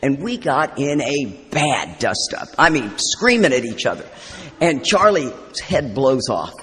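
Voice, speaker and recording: A woman's voice: very deep voice, big pitch swings, measured pace, a bit bright. Rambling, joking woman in a hall. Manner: humorous, self-deprecating, rambling. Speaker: recovery convention speaker. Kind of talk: storytelling recovery talk. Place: convention hall. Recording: live talk in echoey hall.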